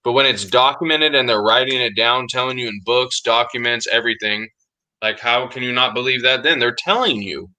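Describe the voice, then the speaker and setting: A man with a bright, forceful voice chats casually on a podcast. He talks emphatically and insists on his point, throwing in "dude" often. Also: medium pitch, fairly quick, poor audio. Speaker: podcast co-host. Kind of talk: casual chat.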